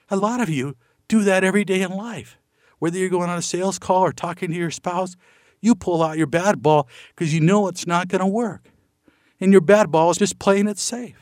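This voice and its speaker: A middle-aged man gives a folksy motivational talk. His voice sits a bit high for a man and comes through dry and close, with no room around it. He keeps asking rhetorical questions and acts out the people in his stories. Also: normal speed, a little mellow, dry recording. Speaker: motivational speaker.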